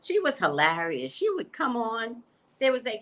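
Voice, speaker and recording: A woman hosting a casual psychic livestream, talking straight to her viewers in an animated way and laughing often, on a webcam mic at home. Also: fairly high pitch, normal speed.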